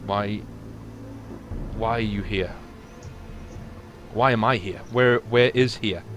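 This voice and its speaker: A man's voice: on the low side, takes it slowly, a bit bright, soft background music. A man voicing a proud ancient male warrior king, newly awoken, who speaks in a grave, formal and indignant way.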